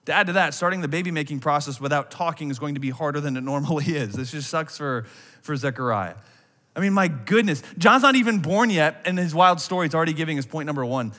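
A man in his thirties preaching a sermon as a pastor, animated, swinging from loud acted-out worry to a hushed voice. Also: on the high side. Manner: animated, acts out anxious voices, drops to a hush. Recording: long hall reverb.

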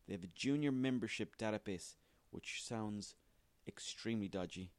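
A man's voice: on the low side, moderate pace, dry recording. A man hosting a solo comedy podcast, sweary, rambling and self-mocking. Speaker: podcast host.

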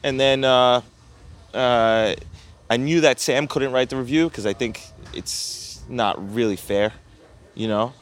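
A man's voice: mid-range voice, fairly even intonation, slow. A young man, a pizzeria owner telling a story in casual chat, profane and often laughing.

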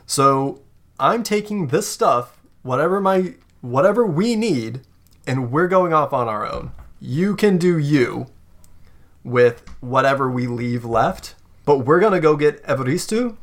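A man's voice: a little high, expressive, takes it slowly, voice pushed up. A man voicing a stern male rebel commander in a tabletop game, talking down dismissively. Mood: condescending. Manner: dismissive, lecturing.

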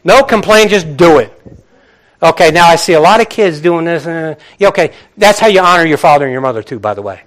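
Middle-aged male pastor, high voice, lively conversational preaching with acted-out asides. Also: fairly quick. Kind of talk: sermon.

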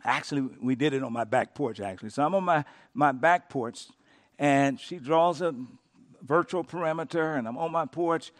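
A man preaching a sermon as pastor, telling a story with dramatic rises and hushed repeated words. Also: a little high, moderate pace. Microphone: podcast recording of a sermon.

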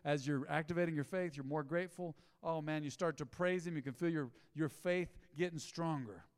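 A man's voice: fairly high pitch, brisk. A male pastor preaching a sermon, talking casually to the congregation and rising into emphatic bursts. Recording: echoey hall with long reverb.

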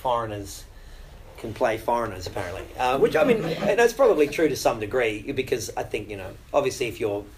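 A middle-aged Australian actor talking casually in an interview, chatty and self-deprecating, with many fillers and restarts. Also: male voice, medium pitch, very animated, brisk, crowd noise, poor audio.

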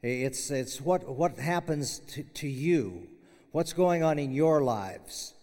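Older man, slightly high voice, casual halting farewell sermon, big echoey chapel. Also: expressive, darkish tone. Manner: conversational, halting with fillers and restarts, chuckles. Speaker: retiring professor giving chapel message. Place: university chapel hall. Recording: long hall reverb.

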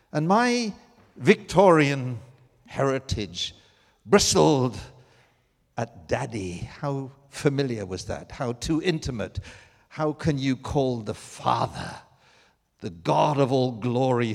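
Older man preaching with lively swings. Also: on the high side, big-room sound. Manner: emotional storytelling with big swings from loud to hushed. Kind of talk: sermon.

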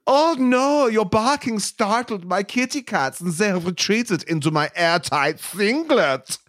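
A man voicing a giddy, flustered grown man who keeps kittens in his singlet, in a high excited voice. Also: measured pace, dry recording, clean studio sound.

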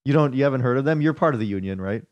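A man co-hosting a podcast, recapping news stories in a relaxed, rambling way. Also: mid-range voice, racing, no room sound, muffled recording. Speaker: podcast co-host presenting stories. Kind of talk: casual chat.

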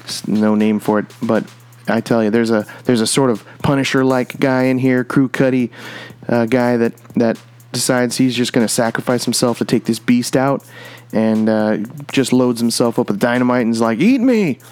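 A man's voice: medium pitch, little pitch movement, normal speed, darkish tone, clean tone, faint music behind. A man hosting a comic book podcast, talking through his picks in an enthusiastic, rambling way with lots of restarts. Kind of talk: casual comic review monologue.

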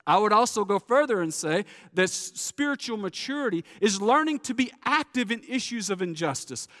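A man preaching a sermon as pastor, animated, acting out the crowd's voices and dropping low at the ends of phrases. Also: in a large hall.

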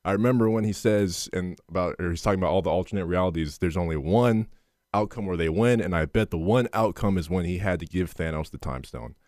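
A man with a low, deep voice riffs loosely with a friend on a podcast. He laughs easily, swears freely and tells stories in a relaxed, rambling way. The sound is dry and close, with no room echo. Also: fast. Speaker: podcast co-host. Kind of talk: casual chat.

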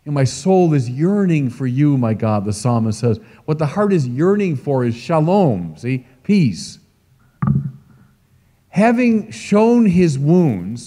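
A middle-aged bishop delivers a sermon in a large church, preaching emphatically and with energy while making asides to the congregation. His voice is medium-pitched, and a long church reverb trails behind it.

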